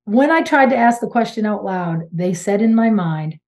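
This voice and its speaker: A woman in her sixties from Maine talks through a casual interview, her voice warm and mellow. She tells her story in an animated, emphatic way, with exclamations and quick restarts, pitched in a middle range for a woman. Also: dull audio. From Maine, United States. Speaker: guest medium and channeler.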